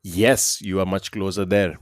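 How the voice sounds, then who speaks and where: A man's voice: sits low, fairly even intonation, unhurried, dry recording, clean studio sound. A man co-hosting a quiz podcast, chatting casually and laughing often.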